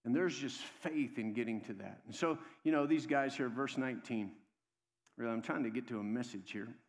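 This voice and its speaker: A man preaching a sermon as pastor in a church, with a conversational manner, calling out to the congregation and swinging between hushed low passages and loud, raised exhortation. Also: a little fast. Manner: conversational, calls out "come on" to the congregation. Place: church sanctuary. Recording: long hall reverb.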